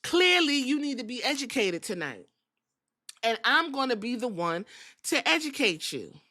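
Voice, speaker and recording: A woman voicing a brash male wrestler who lectures fast and curses. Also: fairly high pitch, sing-song, bright, forceful tone, exaggerated voice. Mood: scolding. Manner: rapid, profane, lecturing.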